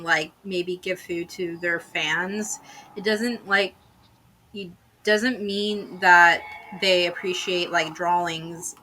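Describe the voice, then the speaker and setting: A woman's voice: lowish voice, pushed and bright, a little hiss or hum. A woman chatting casually on a stream while drawing, swearing and rambling through asides. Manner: shrieks when shocked. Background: faint music.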